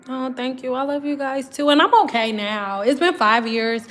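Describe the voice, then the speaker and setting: A woman's voice: high voice, steady tone, normal speed, few pauses, a bit bright, a little hiss or hum. A woman, chatting casually on a livestream and often saying "girl" and "y'all". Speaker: livestream host.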